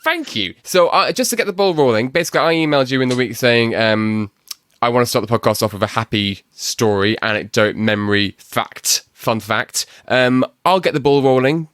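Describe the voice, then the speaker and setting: This is a man hosting a podcast in a soft Northern English accent, easygoing and a little self-mocking, with plenty of ums along the way. His voice sits at an ordinary middle pitch. The recording is dry and close, with no room sound. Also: normal speed, clear, resonant tone, no room sound. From England, Manchester. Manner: chatty, self-deprecating, many ums. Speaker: podcast host. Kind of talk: casual podcast chat.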